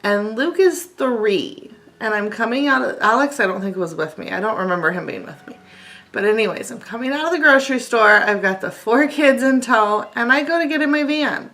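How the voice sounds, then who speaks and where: Her voice is fairly high, pushed, and bright, expressive at a moderate pace. She's a channel host in her thirties leading a casual devotional talk, telling a personal story with earnestness and reading from scripture.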